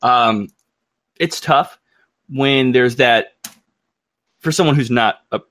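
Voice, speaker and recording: An American man hosting a casual livestream chat at a middle pitch. He rambles and thinks aloud, with fillers and restarts. The sound is dry and close. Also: slow, fairly bright tone, dry recording. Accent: American English. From United States.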